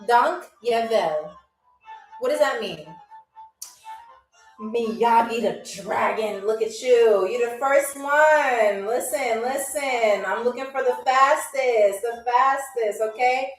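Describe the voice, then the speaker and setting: An upbeat woman with a high voice hosts a live-streamed trivia game, chatting with her viewers and drawing out each word she teaches. She sounds a little distant from the mic in a roomy space. Faint music plays underneath. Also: slow pace. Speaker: livestream game show host.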